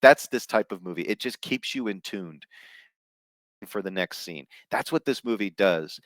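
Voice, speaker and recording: A man's voice: fairly low pitch, expressive, normal speed, a bit bright, no room sound. A man giving a rambling, frank, casual film review, with laughs and fillers along the way. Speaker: vlogger reviewing films. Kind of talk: casual rant to camera.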